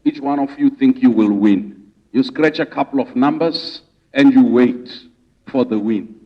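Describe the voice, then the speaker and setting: A Zimbabwean man, a rights advocate, delivers a public speech to a conference audience in a medium-pitched, unhurried voice. He rouses the room with repeated rhetorical questions and preacher-like repetition. The recording sounds distant and dull, as if captured in a hall.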